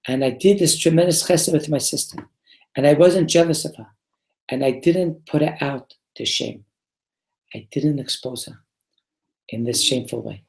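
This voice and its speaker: A man's voice: on the high side, normal speed, creaky, echoey room. A man, a rabbi teaching a Torah class, who reads Hebrew text aloud, then explains it in English and asks his listeners questions. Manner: asks the group questions and answers them himself. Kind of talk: Torah class before a live group.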